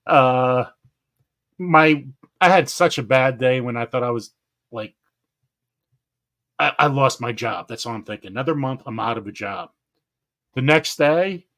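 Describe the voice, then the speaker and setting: A man hosting a gardening live stream in casual chat, excitable, laughing often and stumbling over names. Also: mid-range voice.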